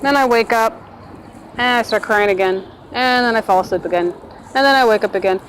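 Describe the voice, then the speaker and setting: A woman's voice: fairly high pitch, brisk, slight background noise, low-quality recording. A woman, telling her own story in a casual, rambling vlog monologue and acting out the voices of people she quotes.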